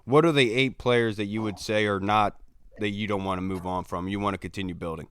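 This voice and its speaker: Smooth-voiced sports podcast host. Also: male voice, lowish voice, fairly quick. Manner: relaxed, asks long framed questions. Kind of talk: casual sports podcast hosting.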